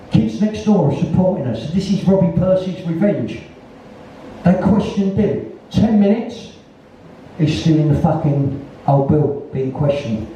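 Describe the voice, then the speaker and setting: A man's voice: on the high side, warm tone, a little hiss or hum. A man of about sixty with a London Cockney accent, a guest at a live onstage conversation, telling a blunt, rambling story full of swearing. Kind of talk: anecdotal storytelling. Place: live music venue, in front of an audience. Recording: echoey venue, distant and dull.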